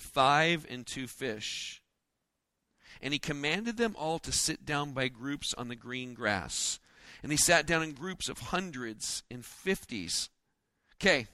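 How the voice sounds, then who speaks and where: A man preaching a sermon in a folksy, joking way, acting out the disciples' lines in quick asides. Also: fairly high pitch, lively intonation, pushed and bright, no echo. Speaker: pastor.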